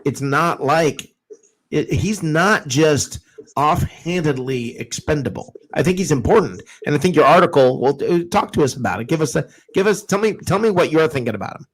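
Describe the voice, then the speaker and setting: A man hosting a casual sports talk show, animated and quick to restart his sentences. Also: a little high, low-quality recording. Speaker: podcast host.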